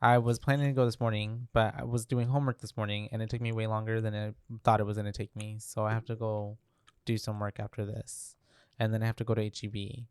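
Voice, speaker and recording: A man co-hosting a podcast, casually talking through a movie with a relaxed, agreeable manner and plenty of "um". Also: lowish voice, quick pace, clean tone, dry recording, studio quality. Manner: relaxed, agreeable, frequent "mm-hmm" and "um". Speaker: podcast co-host. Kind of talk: casual movie recap chat.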